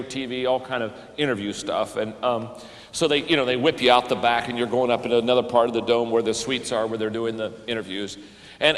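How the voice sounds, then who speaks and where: An older man, a pastor and leadership speaker, tells a story in an earnest sermon, repeating phrases when stirred. His mid-range voice is a bit bright, and the sound carries a long hall reverb.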